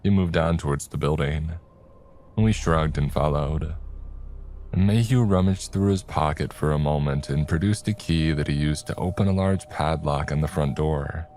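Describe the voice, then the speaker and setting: A man narrating a horror story in a steady, even storytelling manner. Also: very deep voice, moderate pace, slight background noise.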